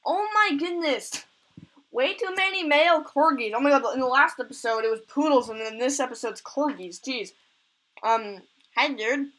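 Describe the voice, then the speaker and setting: A woman hosting a let's play, giving excitable commentary and gushing over cute animals. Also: sits high, normal speed, low-quality recording. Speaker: gaming channel host.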